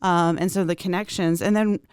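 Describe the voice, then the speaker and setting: A woman's voice: on the low side, fairly even intonation, brisk, a little mellow, smooth. A woman guest talking casually about her work, rambling with many fillers. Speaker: guest, arts project manager. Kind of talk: casual chat.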